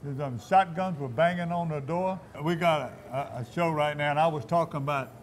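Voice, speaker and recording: A man's voice: a little high, brisk, slight background noise. A man hosting a hunting and food show, chatting in a folksy, rambling way inside a meat shop. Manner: folksy, rambling, repeats himself. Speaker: host. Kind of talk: casual outdoors-show chat.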